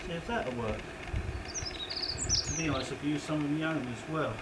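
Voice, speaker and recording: A man chatting casually as a bushcraft vlogger in his garden, rambling and self-mocking, often slipping into high coaxing talk for his pets. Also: moderate pace. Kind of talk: casual chat while working outdoors. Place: home garden outdoors. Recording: noisy outdoor garden recording.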